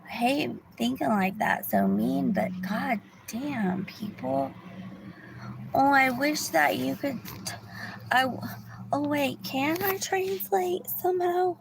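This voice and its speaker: A woman talks slowly to her viewers from her car, her voice gravelly with fry. She rambles and restarts her sentences, sometimes slipping into a whisper. Faint background noise sits under the phone recording. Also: high voice, animated, low-quality recording. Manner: rambling, restarts often, drops to a whisper at times. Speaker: vlogger. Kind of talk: casual storytelling to viewers. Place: car in a parking lot.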